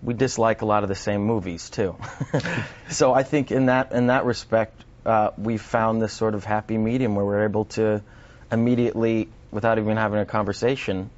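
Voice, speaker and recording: Low-voiced male actor, halting and thoughtful. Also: fairly even intonation, dull audio. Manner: thoughtful, repeats words when starting sentences. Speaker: actor guest. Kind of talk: broadcast interview.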